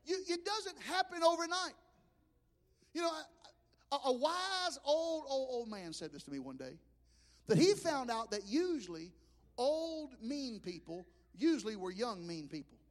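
A high-pitched Southern preacher from Alabama tells his sermon stories in an animated way, stumbling over restarts. His voice rings out with a long church-hall reverb. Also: normal speed, pauses often. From Mobile, Alabama. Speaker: pastor. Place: church sanctuary.

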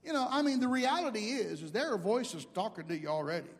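A man preaches an animated sermon in a very high voice. His talk runs from easy and conversational to loud, surging climaxes. A long reverb hangs on every phrase, as in a large church sanctuary. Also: fast.

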